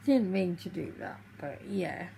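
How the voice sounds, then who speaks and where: A woman vlogging to camera, tearful and halting as she speaks openly about her feelings. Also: medium pitch, vocal fry, mellow, a little hiss or hum, low-quality recording. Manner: halting, emotional, confessional. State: tearful, crying. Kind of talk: personal vlog talking to camera.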